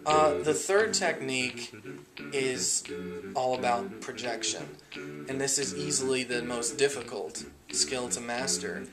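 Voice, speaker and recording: A man explaining how he does voice impressions in a documentary narration, relaxed and full of pauses. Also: mid-range voice. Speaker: amateur impressionist. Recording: documentary draft with music behind.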